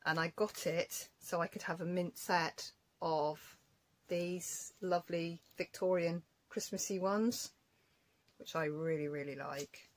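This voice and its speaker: A woman's voice: on the low side, fairly even intonation, a little slow, rough recording. A woman vlogger chatting casually as she shows off her crafts and stamps, rambling and correcting herself. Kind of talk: casual show-and-tell chat.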